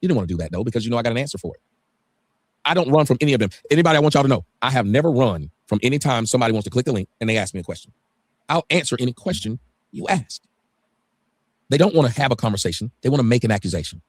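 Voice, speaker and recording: A man's voice: medium pitch, animated, rapid-fire, dry recording. A man on a livestream talking heatedly, ranting emphatically and swearing often. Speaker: guest on a livestream.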